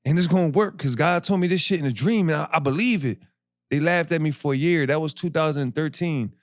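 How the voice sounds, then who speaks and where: Philly dude in his 40s on a podcast, slangy and worked up, kinda high voice, dry close mic. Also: brisk, no echo. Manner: animated street slang, grows impassioned. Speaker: podcast guest, clothing brand founder. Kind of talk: casual interview storytelling.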